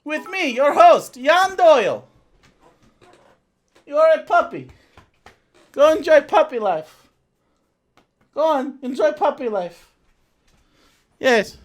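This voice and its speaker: A high, soft-voiced "Jan" who talks in small, careful, childlike sentences, a meek European caricature of a male pundit, as a man puts him on. His phrasing is gentle and halting, like someone trying very hard to be nice. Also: heavily acted. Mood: gentle, silly. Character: meek, simple-minded European parody of a male political commentator.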